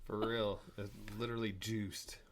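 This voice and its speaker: A man co-hosting a podcast in casual chat, chiming in with quick reactions and wry asides. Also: lowish voice, flat delivery, crowd noise.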